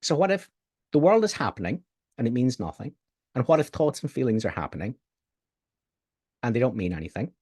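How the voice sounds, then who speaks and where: A man teaching spiritual ideas in a slow, calm way that turns hushed and quiet on key lines. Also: medium pitch, breathy edge.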